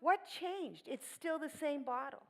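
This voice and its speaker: A middle-aged woman, guest speaking at a church, tells a personal story with energy, laughing and voicing quotes. Her voice is high-pitched and a little slow, and the recording quality is low.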